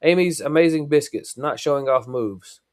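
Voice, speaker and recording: A middle-aged small-town sheriff and father who chooses his words carefully and speaks with quiet seriousness, in a storybook reading, voiced by a man reading aloud. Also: a little high, moderate pace, natural voice.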